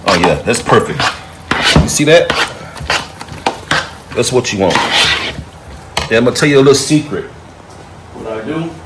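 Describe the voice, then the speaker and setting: Chatty man cooking over loud sizzle. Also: mid-range voice, big pitch swings, moderate pace, long pauses. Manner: chatty, folksy and playful, talks to the viewer as he works. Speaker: home cook and channel host. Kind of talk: casual cooking demonstration. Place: home kitchen. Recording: loud kitchen noise behind voice. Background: sizzling frying and clattering pots.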